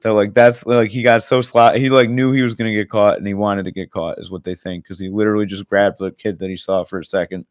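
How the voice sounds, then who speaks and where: A man's voice: fairly low pitch, level tone, fast, hardly any pauses, no echo, studio quality. A young man co-hosting a podcast, rambling in casual chat with lots of filler words and swearing. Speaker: podcast co-host.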